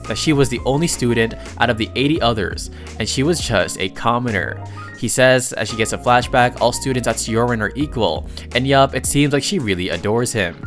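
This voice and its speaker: A man at a mid pitch, recapping a comic with casual, chatty narration. He drops jokey asides and stumbles over a word now and then. Soft music plays faintly under his voice.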